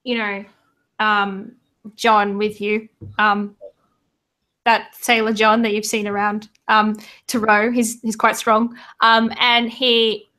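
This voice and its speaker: A woman's voice: mid-range voice, level tone, slow pace, pushed and bright. A woman narrating a tabletop game as game master, hesitant with many fillers.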